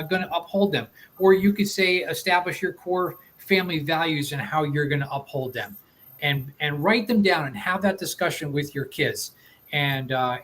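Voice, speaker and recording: A male talk show host wraps up the episode in an upbeat, promotional way. His voice sits a bit high for a man, and he thanks his guest warmly before sending viewers to his channels.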